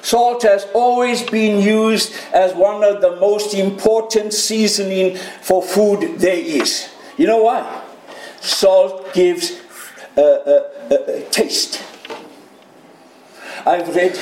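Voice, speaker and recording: A man preaching a sermon as pastor, lively and playful, sometimes mimicking a shouting voice. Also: high-pitched, drawn-out words, pauses often, a little hiss or hum. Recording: echoey room.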